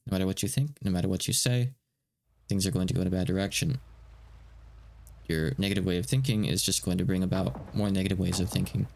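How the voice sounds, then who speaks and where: A man voicing a steady male police negotiator who gives slow, soothing instructions while translating a game live. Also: deep voice, vocal fry. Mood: urging.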